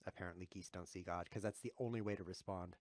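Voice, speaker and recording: A man streams himself playing chess and talks the whole time, cracking jokes and chuckling as he reads viewers' chat aloud. His voice sits fairly low, and the sound is dry and close with no room around it. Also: fairly even intonation, fast talker, a little mellow, no echo. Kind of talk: live chess commentary.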